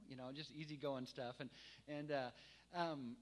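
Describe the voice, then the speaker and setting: A man's voice: fairly high pitch, moderate pace, a little mellow. A man who leads worship, preaching a sermon in a conversational storytelling way, with many fillers and restarts, building to emphatic preaching. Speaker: worship leader and guest preacher.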